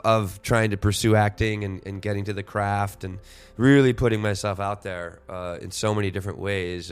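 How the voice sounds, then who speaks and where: A man in his forties hosts a solo podcast, speaking reflectively in a low, smooth voice. He rambles, restarting often and leaning on "you know" fillers.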